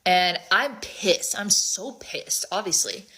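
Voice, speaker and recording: A woman's voice: mid-range voice, lively intonation, takes it slowly, pushed and bright, breathy edge. A young woman telling a storytime in a casual, chatty way, full of "like".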